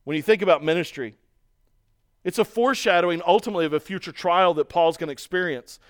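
A man preaching a sermon, telling stories in a lively way and acting out the voices of other people. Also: sits high, fast talker. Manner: storytelling, animated, mimics voices in quotes. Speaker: pastor.

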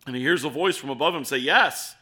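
A man's voice: mid-range voice, racing, sharp tone. A man preaching an earnest sermon, telling stories and asking his listeners rhetorical questions. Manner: storytelling.

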